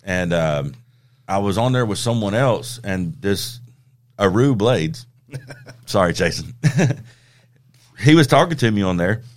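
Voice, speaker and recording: Low-voiced easygoing podcast host man. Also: lively intonation, slow, pauses often. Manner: easygoing storyteller, laughs often. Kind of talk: casual chat.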